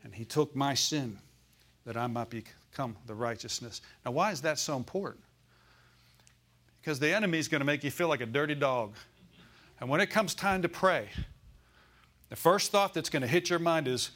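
A man's voice: a little high, moderate pace, pauses often, a bit bright. A male pastor preaching a sermon in a folksy way, asking the congregation for amens and call-and-response.

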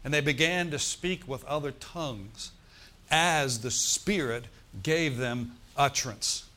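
A man's voice: medium pitch, takes it slowly, pushed and bright. A middle-aged male preacher, telling a story and calling out to the congregation in a sermon. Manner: storytelling, asks the congregation for responses.

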